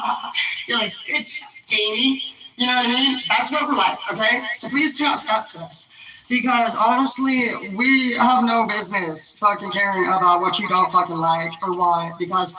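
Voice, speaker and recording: A woman's voice: a little high, sharp tone, low-quality recording. A woman livestreaming an unscripted rant, rambling, profane and heated.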